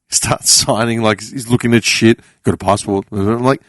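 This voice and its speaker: An Australian man on a podcast panel, telling a story in a casual, animated way. He acts out the people in his story, swears casually and laughs often. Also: on the low side, moderate pace, no room sound, clean studio sound.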